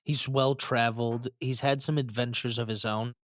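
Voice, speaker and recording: Excitable man, dry close sound. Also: mid-range voice, normal speed, no room sound. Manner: enthusiastic, emotional, stumbles over words. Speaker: podcast co-host. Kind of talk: casual chat.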